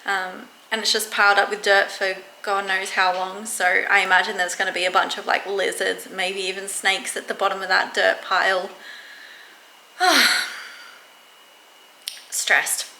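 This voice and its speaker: A young woman talking casually to camera in her vlog, chatty and self-mocking, quick to laugh. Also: mid-range voice, flat delivery, vocal fry, pushed and bright, slight background noise. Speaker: vlogger. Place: room at home. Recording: echoey room.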